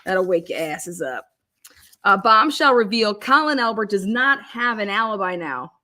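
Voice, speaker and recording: A woman hosting a live-stream chat, excitable and giggly, swearing casually. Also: mid-range voice, normal speed. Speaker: livestream host.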